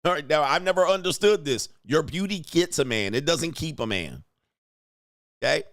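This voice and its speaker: A man delivers reaction commentary in a blunt, crude way, speaking straight to his viewers. His voice sits at an ordinary middle pitch and is recorded dry and close, with no room sound. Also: big pitch swings, moderate pace, fairly bright tone, no echo.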